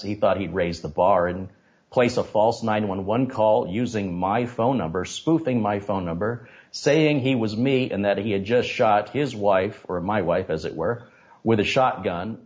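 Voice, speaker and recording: A man with a low-pitched voice recounts a story as an interview guest. He is animated and indignant. The recording sounds dull and lo-fi. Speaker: interview guest, tech streamer. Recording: dull lo-fi audio.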